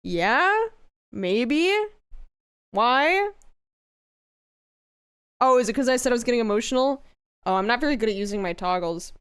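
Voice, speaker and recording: High, giggly woman streamer. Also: animated, measured pace, pauses often, clear, resonant tone. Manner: giggly, crude, swears freely; bursts into loud squealing laughter. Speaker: VTuber streamer. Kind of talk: casual live-stream chat.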